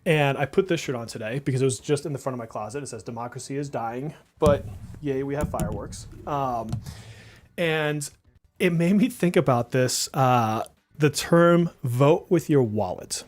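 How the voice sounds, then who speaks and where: A man with a faint Boston accent, co-hosting a casual podcast, relaxed and chatty with lots of fillers. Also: mid-range voice, normal speed. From New Jersey and Massachusetts, US. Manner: relaxed, chatty, laughs often, many likes. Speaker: podcast co-host.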